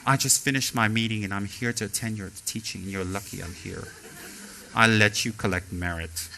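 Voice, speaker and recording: A man's voice: lowish voice, fairly even intonation, moderate pace, gravelly, pushed and bright, a little hiss or hum, voice pushed down, low-quality recording. A man voicing an arrogant male student who talks down to his teacher. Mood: smug. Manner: smug and drawling.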